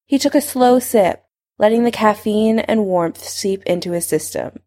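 A woman narrating a fan fiction story aloud in an expressive, conversational reading style. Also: mid-range voice, measured pace.

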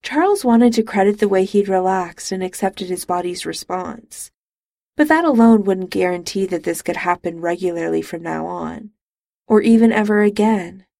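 A woman narrating a romance audiobook in calm, even storytelling, recorded on a close studio mic. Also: medium pitch, normal speed, gravelly, no echo.

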